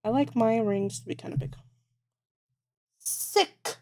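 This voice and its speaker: Woman streamer crocheting, curses constantly, laughs at herself, kinda high voice. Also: slow, dark tone. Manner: thinks aloud, swears a lot, self-mocking. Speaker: livestreamer. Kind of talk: casual live-stream chat while crocheting.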